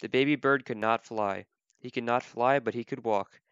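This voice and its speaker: A man reading a children's picture book aloud as a volunteer, gentle, slow and clear. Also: medium pitch, no echo. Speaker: volunteer reader. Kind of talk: children's storybook read-aloud. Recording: dull, lo-fi dry recording.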